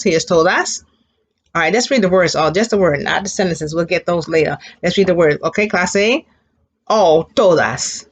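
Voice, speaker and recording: A woman teaching a children's Spanish class, patiently modeling words for the class to repeat and praising them. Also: lowish voice. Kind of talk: elementary Spanish lesson.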